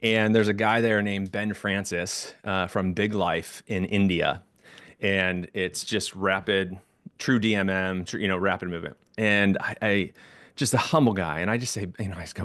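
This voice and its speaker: A man in ministry leadership telling a story in casual conversation, animated and full of fillers and restarts. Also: deep voice, normal speed, dry recording.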